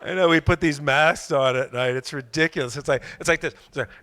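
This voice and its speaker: A man doing a rambling, self-mocking stand-up comedy set on a club stage, often slipping into loud put-on voices. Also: on the high side, a little fast, noisy background.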